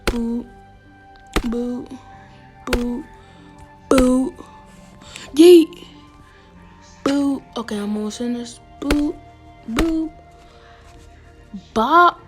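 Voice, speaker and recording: A woman's voice: fairly high pitch, extremely slow, long pauses, a bit bright, faint music behind. A woman giving casual, playful gameplay commentary as a game streamer, teasing other players and often dropping into a whisper.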